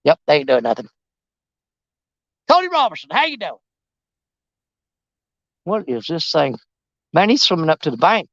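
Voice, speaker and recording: A man rambles and jokes as he fishes from an outdoor riverbank, his pitch leaping up and down in lively swings. The sound is dry, with almost no room around it, and slightly dull and lo-fi. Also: normal speed, creaky, long pauses, no echo. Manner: folksy, joking, rambling. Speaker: fishing vlogger. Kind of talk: casual outdoor fishing commentary.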